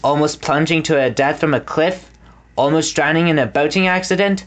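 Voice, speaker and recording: A man reading a children's storybook aloud as the narrator, with an expressive delivery. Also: on the high side, normal speed. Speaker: audiobook reader.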